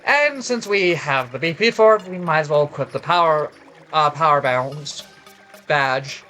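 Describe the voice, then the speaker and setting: A man's voice: on the high side, expressive, measured pace, pushed and bright, soft background music. A tired, worn-out man giving casual, rambling gameplay commentary with swearing and frequent restarts. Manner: rambling, swears, self-correcting. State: exhausted, voice worn out. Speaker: let's play commentator.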